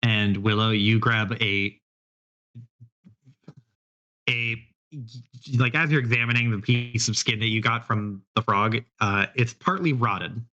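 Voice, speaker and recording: A man's voice: lowish voice, fairly even intonation, measured pace, sharp tone, highs cut off. A man running a tabletop horror game as game master, describing scenes in a rambling, filler-heavy way. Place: live stream.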